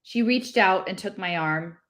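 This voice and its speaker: A woman reading a novel aloud, lifting her pitch and voice for the characters' lines. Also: measured pace, fairly bright tone. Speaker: reader.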